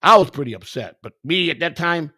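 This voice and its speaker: A man's voice: on the high side, expressive, brisk, pushed and bright, husky, no room sound, studio quality. A man telling a story from his own past in a casual sit-down chat, swearing freely and acting out what other people said. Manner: profane, acts out the dialogue of others. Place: indoors, sit-down set.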